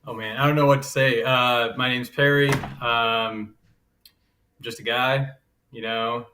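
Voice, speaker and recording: A man's voice: medium pitch, steady tone, unhurried, pushed and bright, a little hiss or hum. A man, a philosopher on a casual chat show, speaking in a laid-back, joking way. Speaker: guest philosopher.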